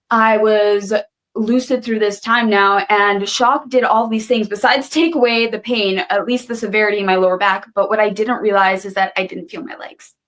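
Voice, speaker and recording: A woman's voice: medium pitch, a bit bright. A young woman retelling a personal ordeal in an earnest, vivid way, acting out what people said. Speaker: guest telling her story. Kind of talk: emotional personal storytelling.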